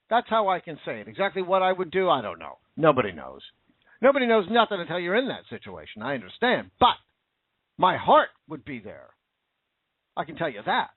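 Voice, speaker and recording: A man with a fairly high voice, recorded dry and tinny like a phone, launches into an angry, profane rant as a commentator. He fires off rhetorical questions and slips into sarcasm now and then.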